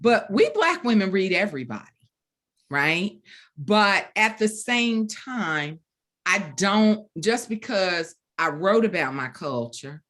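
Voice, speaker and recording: A woman in her fifties from the Deep South, telling a story as an author guest, acting out the dialogue and laughing often. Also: sing-song, slow, a bit bright. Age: 50s. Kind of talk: storytelling in a virtual book event chat.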